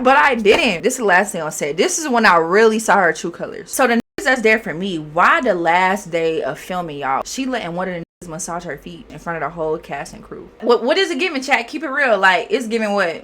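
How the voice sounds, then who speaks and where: A young woman vlogger telling a story casually, slangy and animated, talking straight to her viewers. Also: medium pitch, brisk, few pauses, slight background noise.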